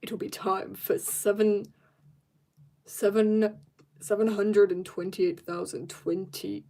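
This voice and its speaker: This art livestreamer talks slowly and steadily, her mid-range voice dark in tone. A woman from South Africa, she's drawing from an upstairs room at home, casually reading viewers' comments and responding to them.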